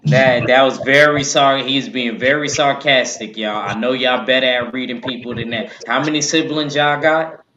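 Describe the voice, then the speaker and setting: A man's voice: mid-range voice, fairly even intonation, normal speed, hardly any pauses, sharp tone, lo-fi sound. A man on a boxing talk panel, insistent but easygoing. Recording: echoey room with faint noise.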